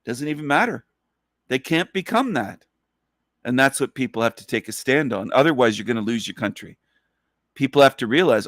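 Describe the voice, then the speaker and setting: A man's voice: medium pitch, expressive, moderate pace, a bit bright, no echo, studio quality. A man hosting a livestream who speaks in an emphatic, profane, repetitive rant. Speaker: livestream host.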